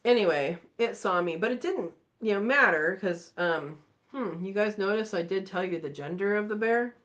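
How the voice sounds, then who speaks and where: A woman hosting a live chat, telling a story in a casual, animated way and acting out the voices. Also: mid-range voice, moderate pace, lo-fi sound. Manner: animated, acts out voices in her stories. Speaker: channel host.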